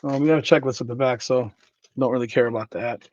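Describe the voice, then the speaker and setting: While opening cards, a card-breaking host rattles off names in quick bursts, his middle-pitched voice casual and offhand. His intonation stays fairly even and his tone is darkish. The audio is dry and a little dull, with no room echo.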